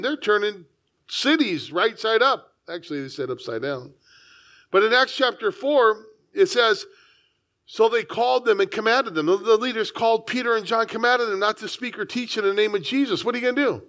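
A man's voice: high-pitched, normal speed, bright, forceful tone. A man preaching a sermon as a pastor, reading scripture and talking in a conversational way with frequent asides. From United States.

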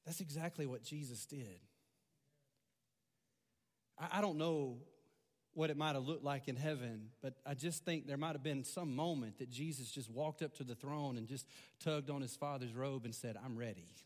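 A man pastor telling a personal story in a sermon, conversational and animated, with frequent repetitions. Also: mid-range voice, moderate pace. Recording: long hall reverb.

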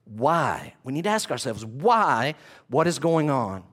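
A male pastor preaching an animated sermon, telling the story with vivid retelling and addressing the listeners as "guys". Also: medium pitch, a little slow.

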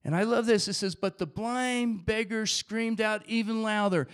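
Male preacher, high voice, energetic conversational sermon. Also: normal speed, hardly any pauses, smooth. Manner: energetic, conversational, repeats phrases.

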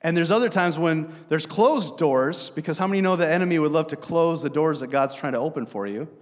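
A man's voice: fairly high pitch, a little fast, big-room sound. A man preaching a sermon as pastor, telling stories in a conversational way with frequent fillers and restarts.

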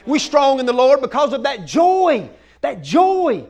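A man preaching an energetic sermon, full of folksy asides and sudden shouted bursts. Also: very high-pitched, a little slow, gravelly. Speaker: pastor.

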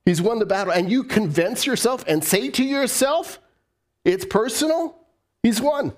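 A male pastor delivering a sermon in an animated storytelling manner. His voice sits a little high for a man and climbs and drops as he tells stories to his congregation. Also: moderate pace. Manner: animated storytelling, voice rising and falling.

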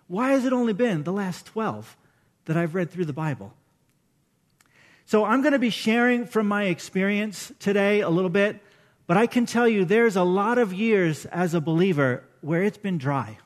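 A man's voice: high-pitched, expressive, moderate pace. A man in his fifties preaching a sermon as pastor, chatty and emotional, often putting questions to the congregation.

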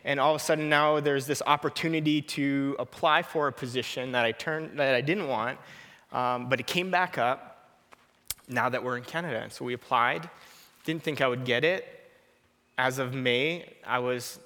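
A man's voice: mid-range voice, moderate pace, sharp tone, in a large hall. A man in his thirties preaching an earnest, personal sermon, often repeating a short prayer.

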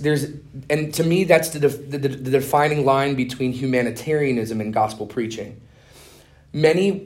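A middle-aged man teaching a conference class on evangelism, talking fast and animated, full of "man" and "dude.". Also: mid-range voice. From Minnesota. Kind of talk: casual conference teaching with stories.

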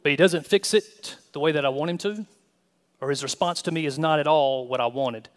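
A male pastor with a high voice preaches emphatically, mixing humor into his sermon. The long reverb of a large hall trails behind his words. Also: a little fast.

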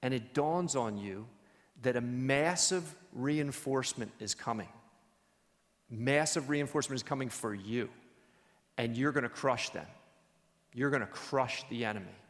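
A man teaching a church Bible study in a conversational, animated storytelling way. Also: mid-range voice, a little slow, big-room sound.

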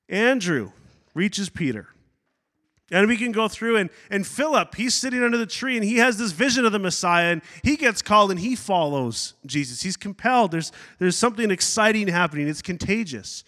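A high, bright-toned man preaches a sermon in a church sanctuary, where his voice rings with a long reverb. He preaches with energy, breaks off for side notes and acts out quotes as he goes. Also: moderate pace. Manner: animated preaching with asides and acted-out quotes. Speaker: pastor.

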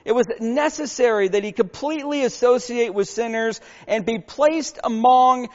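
A man's voice: very high-pitched, moderate pace, in a large hall, muffled recording. A man preaching a sermon as a pastor, earnest and emphatic, posing rhetorical questions to the congregation.

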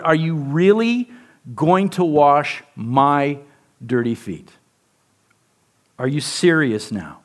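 A man preaching a sermon in a conversational, candid way, often checking in with the listeners. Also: fairly high pitch. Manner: conversational, candid, with frequent "right?" asides and restarts. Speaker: pastor.

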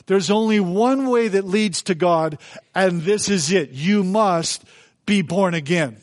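A man's voice: high-pitched, slow. A man preaching a sermon in a church as pastor, folksy and conversational, acting out the people he quotes.

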